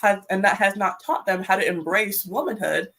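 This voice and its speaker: A woman speaking as a panel guest in casual chat, talkative and lively. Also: medium pitch, normal speed. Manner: chatty, acts out quotes, laughs.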